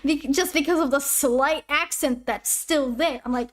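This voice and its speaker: Speaking at a measured pace with hardly any pauses, a Canadian YouTube animator, age twenty, answers questions from chat during a casual livestream. Her voice is high, and she's chatty, rambling, and keeps interrupting herself.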